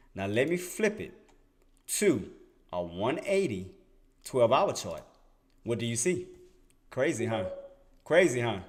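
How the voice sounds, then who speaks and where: A young adult man giving casual, emphatic commentary on trading charts, repeating himself and firing rhetorical questions at his viewers. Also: medium pitch. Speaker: day trader streaming market commentary. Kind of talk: casual screen-share commentary.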